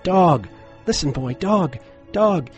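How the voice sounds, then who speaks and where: A man's voice: medium pitch, a little slow, soft background music, voice pushed up, close to an everyday voice. A man voicing an eager, lonely young boy who calls out and pleads for his dog. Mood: excited shouting. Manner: shouting, excited and pleading.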